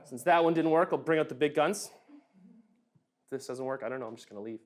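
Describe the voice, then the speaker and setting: A man's voice: on the high side, quick pace, slight background noise. A young man doing a stand-up comedy set with a dry, self-deprecating delivery.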